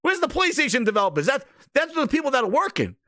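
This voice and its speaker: A man hosting a casual commentary show, reacting to videos with profane, laughing, animated rants. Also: very high-pitched, fast talker, no echo, studio quality. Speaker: host.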